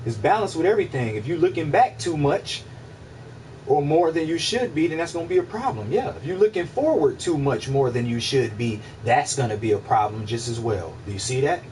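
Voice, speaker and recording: A man hosting a casual livestream, musing out loud in a rambling, profane way, repeating himself and answering his chat. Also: on the high side, lively intonation, fairly quick, far from the mic, a little hiss or hum, poor audio. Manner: rambling, profane, repeats himself, asks listeners if they follow. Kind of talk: casual philosophical monologue.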